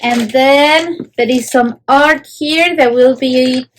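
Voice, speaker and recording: A woman's voice: high voice, takes it slowly, a little hiss or hum, rough recording. A woman hosting a children's history show, gushing and exclaiming as she shows objects and asks questions. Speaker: host of a kids' history show.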